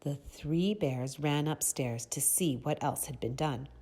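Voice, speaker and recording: A woman reading a picture book aloud to children in a soft, breathy, expressive way, pausing to ask them questions. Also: extremely low pitch. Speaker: children's storyteller.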